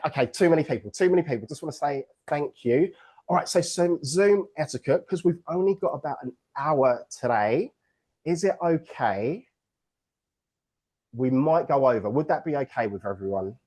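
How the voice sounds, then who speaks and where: A man's voice: a little high, moderate pace, darkish tone. A man from England with an English accent, hosting an online book launch on a video call in an upbeat, joking, playful way.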